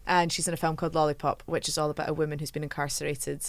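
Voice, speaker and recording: A Scottish woman hosting a casual podcast chat, chatty and quick to laugh at herself. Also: deep voice, little pitch movement, dry recording. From Scotland. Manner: chatty, laughs often, self-mocking asides. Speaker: podcast host.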